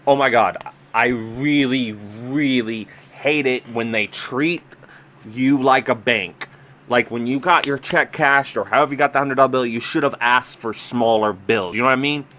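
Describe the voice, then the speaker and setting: A man's voice: mid-range voice, moderate pace, pushed and bright, a little hiss or hum. A man co-hosting a casual reaction chat, rambling and chatty as he reads stories aloud and comments.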